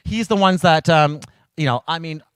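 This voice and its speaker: A man, a karaoke host and cabaret producer, chatting casually and telling animated stories that he acts out in little voices. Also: on the high side, moderate pace, clean tone, dry recording. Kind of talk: casual storytelling chat.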